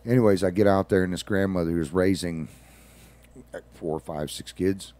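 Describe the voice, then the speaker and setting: A man's voice: low voice, moderate pace, mellow. A man, a regular on a radio show, telling rambling stories in casual talk with folksy asides.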